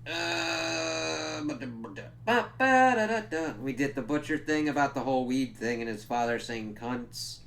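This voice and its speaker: A man casually recapping and reviewing a TV episode, swearing constantly and jumping into quick impressions of the characters. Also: medium pitch, vocal fry, a little hiss or hum. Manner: animated, swears a lot, mimics characters mid-recap.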